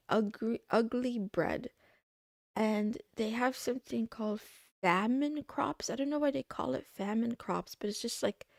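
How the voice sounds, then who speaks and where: Young woman streamer rambling to chat, kinda high voice w/ lots of fry, dry close sound. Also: darkish tone, no room sound. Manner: rambling, curious, thinks aloud, trails off. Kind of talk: casual livestream chat.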